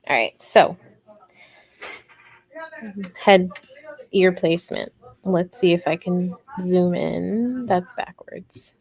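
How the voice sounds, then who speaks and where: A woman's voice: on the low side, slow pace, gravelly, long pauses, a little mellow. A woman hosting a casual livestream crochet tutorial, chatty and rambling, talking directly to her viewers.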